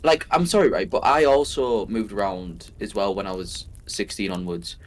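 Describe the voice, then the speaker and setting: A man's voice: on the low side, moderate pace. A young man with a Teesside accent, co-hosting a podcast in a chatty way, jumping in with asides. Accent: Teesside English. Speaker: podcast co-host. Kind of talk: casual chat.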